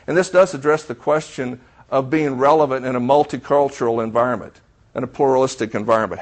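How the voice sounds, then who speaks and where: A middle-aged man preaching a sermon, telling a story and acting out the dialogue while asking the congregation questions. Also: fairly high pitch. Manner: storytelling, acts out quoted dialogue. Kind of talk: sermon illustration.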